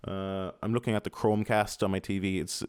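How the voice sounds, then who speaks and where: A man's voice: deep voice, flat delivery, a little fast, a little mellow, clean tone, no echo, studio quality. A young Irish man rambling to his podcast at home, mumbling and swearing, with many fillers. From Ireland. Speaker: podcast host. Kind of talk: casual rambling monologue. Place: home apartment.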